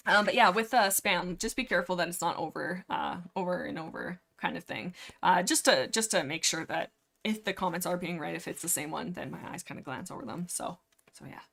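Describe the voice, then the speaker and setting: A woman's voice: lowish voice, vocal fry, a bit bright, husky. Young woman yapping on a livestream about books, rambly, says like a lot. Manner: rambling, many filler likes. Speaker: livestream host. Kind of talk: casual rambling book chat.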